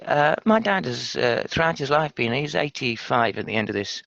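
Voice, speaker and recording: A British man in his fifties, a former pilot telling his story frankly and reflectively in an interview, halting with fillers. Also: mid-range voice, big pitch swings, gravelly, a bit bright, no room sound, lo-fi sound. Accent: British English. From Britain. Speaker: podcast guest, former RAF pilot.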